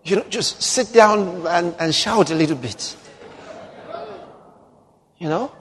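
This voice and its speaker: A man's voice: high voice, takes it slowly, long pauses, in a large hall. A man preaching a sermon emphatically, his voice rising to fervent exclamations.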